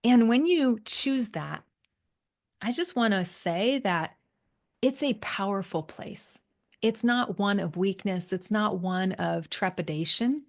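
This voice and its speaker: A woman's voice: mid-range voice, creaky. A middle-aged woman speaking as a coach in a motivational monologue, earnest and encouraging, dwelling on repeated words. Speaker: alcohol coach and podcast host.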